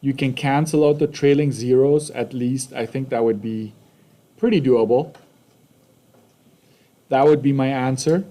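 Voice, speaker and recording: A man's voice: mid-range voice, a little slow, pauses often, warm tone. A man with a Canadian accent teaching a math lesson casually, often checking in with "right?" and "okay?".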